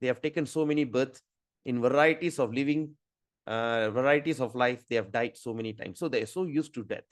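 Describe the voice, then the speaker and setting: A middle-aged man leads a scripture class over a video call. His voice sits at an ordinary pitch and sounds dry and close. He tells stories at length, repeating words and restarting phrases. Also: fairly quick, no echo. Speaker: spiritual teacher.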